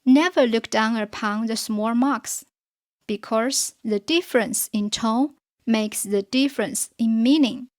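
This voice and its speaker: A woman teaching a scripted beginner pinyin lesson, speaking in a slow, careful way for learners to follow and repeat. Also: fairly high pitch, a little mellow. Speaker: Chinese teacher.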